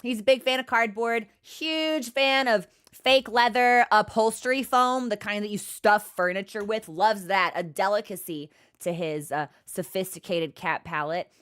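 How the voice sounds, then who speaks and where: A woman streaming a game and chatting casually with viewers, rambling and quick to laugh. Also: medium pitch, fairly bright tone, smooth. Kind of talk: casual livestream chat.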